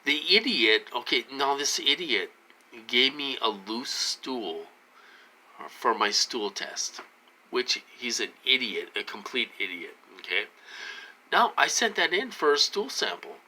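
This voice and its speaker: Halting, insistent man with a bright voice. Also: mid-range voice, big pitch swings, slight background noise, poor audio. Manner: repetitive, halting, with many fillers and restarts; insistent and aggrieved. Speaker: vlogger. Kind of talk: rambling personal monologue.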